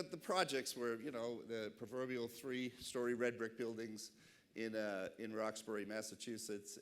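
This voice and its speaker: A middle-aged man with a Boston accent giving a passionate, chatty keynote speech at an awards dinner. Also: medium pitch. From Boston, USA. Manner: passionate, animated, chatty with asides. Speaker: keynote speaker. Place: banquet hall.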